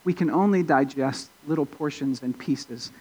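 In a husky, darkish voice at normal speed, a male pastor preaches an expository sermon conversationally, with fillers and restarts. He rises in pitch and volume for emphasis, though the audio quality is poor.

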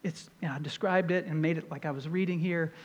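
A middle-aged man preaching a sermon as pastor, earnest and storytelling, rising in pitch and volume for emphasis. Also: fairly even intonation, fast talker, big-room sound, dull audio.

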